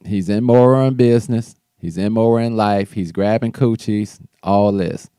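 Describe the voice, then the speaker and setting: A man with a low, mellow voice talks politics on his own show. He speaks loosely, stumbling and restarting as he goes. The sound is dry and close, with no room around it. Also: normal speed, clear, resonant tone, no echo. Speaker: show host. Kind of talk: casual political commentary.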